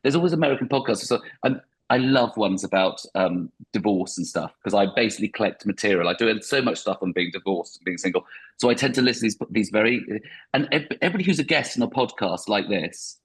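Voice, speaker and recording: A man's voice: on the low side, lively intonation, fast, slightly rough, low-quality recording. A middle-aged man, a comedian guest, chatting casually on a podcast, self-mocking with lots of restarts. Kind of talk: casual interview chat.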